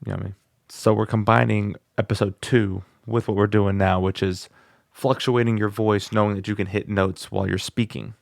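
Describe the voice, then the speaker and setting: A man's voice: fairly low pitch, level tone, moderate pace, creaky, no room sound, clean studio sound. A man hosting his own music channel, chatting casually while he works through a beginner singing course and tries the vocal exercises aloud. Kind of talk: casual vlog lesson. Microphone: studio microphone.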